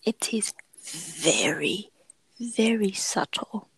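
A woman's voice: medium pitch, extremely slow, slightly rough, no echo, in a whisper, rough recording. A young woman co-hosting a podcast in casual chat, rambling with lots of fillers and giggles. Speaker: podcast co-host.

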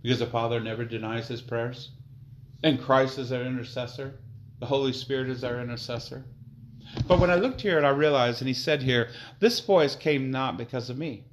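A male preacher delivering a sermon at a middle pitch, reading scripture with slow, weighty emphasis. He drops into quiet, low-spoken asides, then surges into loud, fervent declarations. A faint hiss of background noise runs under the recording. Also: rough recording. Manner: reads scripture slowly and deliberately.

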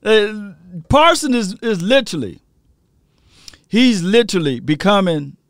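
A man hosting a sports stream, telling slangy, excitable stories and laughing often. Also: sits high, unhurried, no echo, studio quality. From rural area. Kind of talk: animated sports talk.

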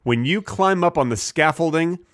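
A man co-hosting a comedy podcast, rambling through absurd tangents in a deadpan way and slipping into goofy voices when he quotes. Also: a little high, moderate pace, no room sound, studio quality. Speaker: podcast co-host.

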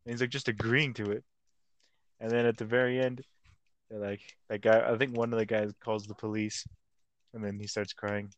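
A man's voice: fairly low pitch, flat delivery, moderate pace, dry recording, lo-fi sound. A young man co-hosting a casual podcast chat, rambling in slang, stumbling over words and acting out quotes. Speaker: podcast co-host.

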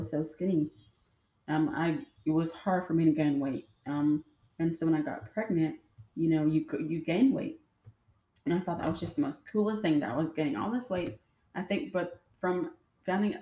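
Chatty woman telling stories, lowish mellow voice. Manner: chatty, addresses listeners directly. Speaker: podcast host. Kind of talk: casual storytelling. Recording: roomy echo.

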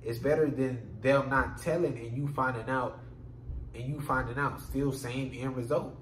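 A man hosting a solo podcast, ranting in an animated, profane way, recorded in an echoey room with a faint hum. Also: mid-range voice, normal speed. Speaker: podcast host.

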